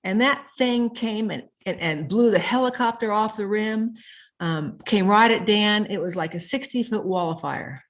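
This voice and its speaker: A woman's voice: mid-range voice, normal speed. A woman guest in an interview, telling a story earnestly and stringing her thoughts together with repeated "and". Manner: earnest, piles up clauses with repeated "and".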